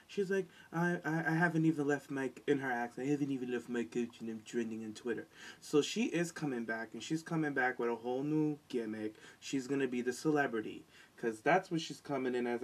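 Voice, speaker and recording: A man co-hosting a podcast, chatting in a sassy, animated way and mocking people with quoted lines. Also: medium pitch, low-quality recording. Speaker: podcast co-host. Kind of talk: casual chat.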